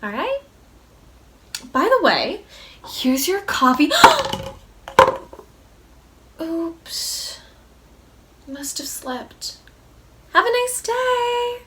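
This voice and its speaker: A woman's voice: high voice, huge pitch swings, extremely slow, pauses often, noisy background, heavily acted. Teen girl playing a snippy coffee server. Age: teens. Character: sarcastic young woman serving coffee. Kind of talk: stage monologue.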